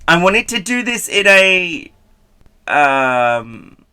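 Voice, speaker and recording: A man's voice: high voice, very animated, drawn-out words, bright, forceful tone, clean tone. A man chatting playfully with his live-stream audience, laughing often as he answers them. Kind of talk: casual live-stream chat.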